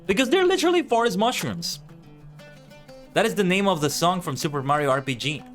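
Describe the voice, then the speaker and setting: Rambling male streamer with lively pitch. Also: fairly quick, soft background music. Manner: rambling and chatty, stumbles over words. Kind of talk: casual gameplay commentary.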